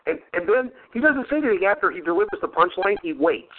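A man's voice: high voice, big pitch swings, quick pace. A man hosting a podcast in casual chat, rambling and crude, laughing often. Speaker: podcast host. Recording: phone-like lo-fi sound.

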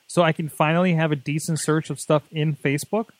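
Tech podcast guy, a bit higher voice, rambly and jokey, dry close sound. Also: level tone, brisk, no echo. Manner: rambling, jokey, many fillers. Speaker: podcast co-host. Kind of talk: casual tech chat.

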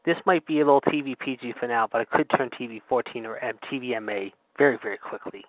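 A man's voice: medium pitch, fast, no room sound. A man co-hosting a wrestling podcast, talking playfully and hedging as he searches for words. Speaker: wrestling news co-host. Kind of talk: casual podcast chat. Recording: dry, tinny phone-line audio.

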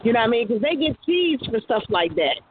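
A woman's voice: a little high, big pitch swings, fast talker. A woman in casual radio talk who often agrees with "mm-hmm" and speaks up about teasing at school. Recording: tinny phone line with faint noise.

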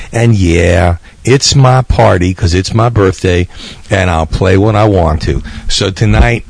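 A man's voice: sits low, unhurried, creaky, dry recording. A man, hosting a podcast in a rambling, chatty way with small laughs. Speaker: podcast host. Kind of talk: casual radio-style podcast hosting.

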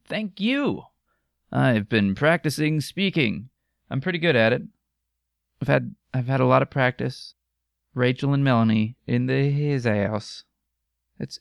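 Young American man, podcast host, wry self-deprecating humor, gravelly voice, dry close mic. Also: medium pitch, dry recording. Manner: self-mocking, joking, laughs often. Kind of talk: casual solo podcast chat. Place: home room with microphones. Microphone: studio microphone.

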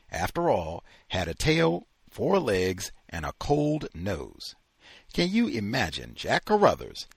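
Husky man reading a novel with wide expression. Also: medium pitch, no echo. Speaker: host reading a novel aloud. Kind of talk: book reading in a study session.

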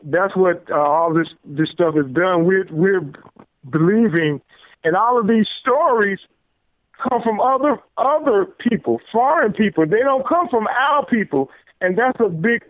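High-voiced man on a tinny phone line. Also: dry recording. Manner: halting, repeats words while making a point. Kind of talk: casual discussion. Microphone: phone call.

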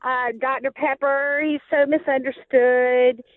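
Slow-talking woman radio caller. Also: sits high, level tone, dry recording, narrow, tinny audio. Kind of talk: radio call-in. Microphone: phone line.

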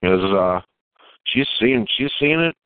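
A man calling in to tell a long personal story, halting and repeating words as he goes. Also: medium pitch, lively intonation, smooth, no room sound. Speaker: caller telling a Bigfoot encounter. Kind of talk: casual storytelling on a call. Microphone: phone. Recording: tinny dry phone line.

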